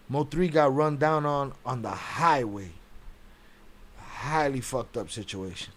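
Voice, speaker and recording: A man hosting a casual live stream, reading chat aloud and talking bluntly with heavy profanity and frequent laughs. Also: medium pitch.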